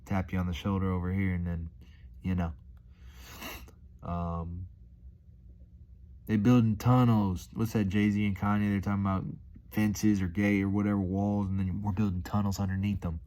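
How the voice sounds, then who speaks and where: A man's voice: sits low, flat delivery, moderate pace, pauses often, warm tone. A man talking casually in a rambling, laid-back vlog monologue, calling the listener dude and man. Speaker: vlogger.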